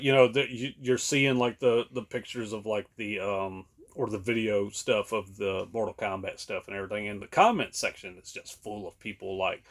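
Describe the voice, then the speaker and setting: A man, co-hosting a podcast in casual chat, rambling with many fillers and laughing often. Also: on the low side. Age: late 30s. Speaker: podcast co-host.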